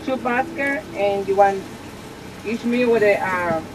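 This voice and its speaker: Halting woman with an accent taking orders. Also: medium pitch, background noise. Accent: non-native. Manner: halting and formal. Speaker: drive-thru worker.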